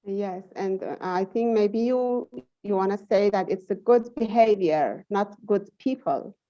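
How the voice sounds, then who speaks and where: A woman's voice: mid-range voice, measured pace, mellow, highs cut off. A woman in an English conversation class, reflecting aloud and searching for her words. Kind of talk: classroom discussion.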